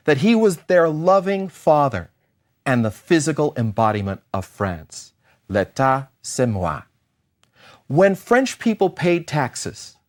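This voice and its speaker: Middle-aged male professor, lively pitch, theatrical lecture delivery with playful asides. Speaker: history professor. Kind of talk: university lecture.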